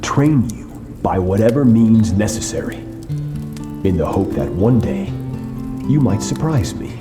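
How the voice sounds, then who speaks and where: An actor playing a stern, aloof master swordsman who speaks slowly and gravely to his student, in a game cutscene. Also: on the low side, sing-song. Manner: slow, grave and unyielding. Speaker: teacher of a young student. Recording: echoey game audio over music. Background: music.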